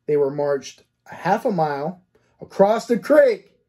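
A man with a husky, mellow, darkish voice, speaking as a cold case detective. He reasons through the case one point at a time. He poses rhetorical questions and answers them, and tags his points with a firm "okay?". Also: high-pitched, sing-song, unhurried. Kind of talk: case analysis commentary.

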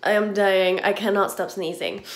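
A woman's voice: mid-range voice, fairly even intonation, normal speed. Young woman rambling to the camera at home, kinda stuffy and congested, giggles a lot, lots of "like". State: stuffy, congested from hay fever. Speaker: vlogger, university student. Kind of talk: casual chatty vlog. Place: at home, kitchen area.

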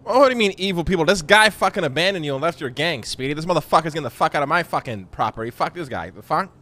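A man in a role-play scene talks fast with a bouncy, lively voice. He keeps pushing for answers and curses readily when something bothers him. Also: a little high. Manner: curious, presses with questions, swears when riled. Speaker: role-play gang member. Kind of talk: in-character role-play chat.

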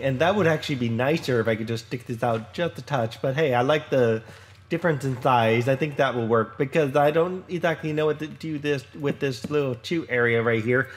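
A man hosting a casual let's play, chatting his way through a building session with lots of fillers, restarts and self-deprecating remarks. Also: a little high. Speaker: Minecraft let's play host. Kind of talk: casual gameplay commentary.

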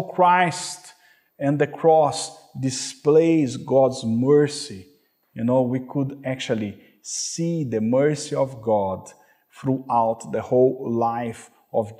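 A man's voice: mid-range voice, darkish tone. A man preaching a sermon as a pastor, earnest and emphatic, often saying "you know" and calling out "hallelujah".

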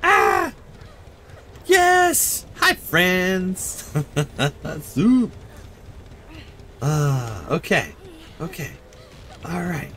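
A man with a fairly high voice streams a game live and chats with friends, frequently yelping and laughing in an excitable way. He speaks extremely slowly with many pauses, and there's a little background noise.

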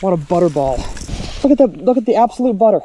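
An excitable man with a drawl narrates his fishing trip from a boat, his pitch leaping wildly as he cheers and coaxes the fish. His voice is warm and mellow, with faint outdoor noise behind him. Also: quick pace. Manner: excitable, exclaims and talks to the fish. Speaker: fishing channel host. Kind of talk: excited fishing vlog commentary.

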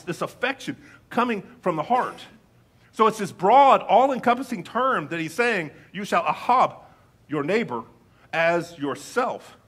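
A male pastor giving a conversational sermon with playful asides, reading scripture slowly and deliberately. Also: high-pitched, a bit bright, slightly rough.

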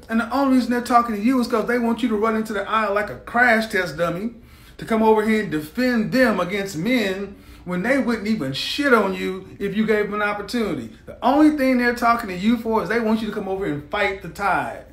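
A man hosts a live stream in a blunt, mocking, combative rant. His voice sits fairly high for a man. The sound carries the echo of a roomy space. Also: a little fast, a bit bright.

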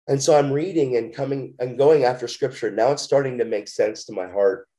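A man, a guest in an interview, telling his own story earnestly and with many restarts, getting more animated as he goes. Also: medium pitch, a little fast, hardly any pauses. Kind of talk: testimony in an interview.

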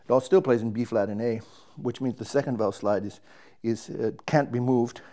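A man's voice: mid-range voice, fairly quick, warm tone. Guy mid-voiced showing off his trumpet, explaining as he fiddles with parts, restarts a lot. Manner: explains while handling gear, thinks aloud with restarts. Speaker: trumpet player demonstrating his instrument. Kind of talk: casual instrument demonstration.

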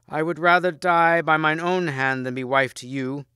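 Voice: medium pitch, normal speed, bright, forceful tone, clean tone, no echo, studio quality, voice pushed up, close to an everyday voice. A man voicing a brave queen who refuses her captor defiantly.

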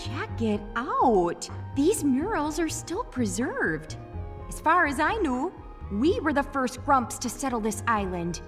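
A woman's voice: sits high, very animated, slow, exaggerated voice. A woman voicing a cheerful female creature archaeologist in a video game, with a Minnesotan accent and folksy manner. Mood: cheery. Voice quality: folksy, upbeat. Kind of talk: video game character dialogue. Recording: game audio with music behind.

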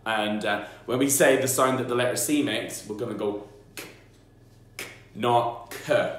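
A man's voice: medium pitch, steady tone, moderate pace, a bit bright. A man, a primary school teacher, explaining phonics to parents in a playful, jokey way and sounding out letters and noises aloud. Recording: very echoey room.

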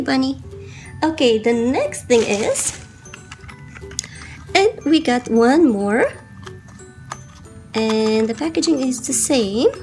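Hosting an unboxing vlog, a woman whose high-pitched voice is gravelly and darkish sounds slightly sick and a bit breathless. She gushes and giggles at every item, stretching out words she repeats.

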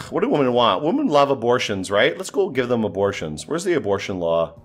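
A man in the middle of a pitch range commentates a strategy game in a loose, exasperated way, muttering to himself and cursing at setbacks. Faint music plays quietly underneath his voice. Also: huge pitch swings, a little fast. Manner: exasperated, swearing, talking to himself. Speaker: gaming commentator. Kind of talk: casual gameplay commentary.

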